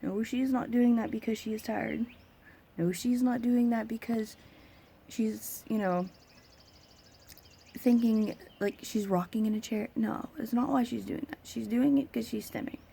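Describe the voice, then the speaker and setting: A woman's voice: mid-range voice, creaky, darkish tone, slight background noise. A young woman venting in a casual vlog about remarks made to her as an autism parent, emphatic and exasperated, sometimes mimicking other people.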